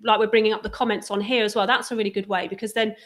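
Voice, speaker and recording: A woman speaking as a guest on a live broadcast from a conference venue. Her voice is mid-pitched for a woman. She talks in a relaxed, encouraging tone, with casual fillers scattered through her speech. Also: racing. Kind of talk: casual live-stream chat.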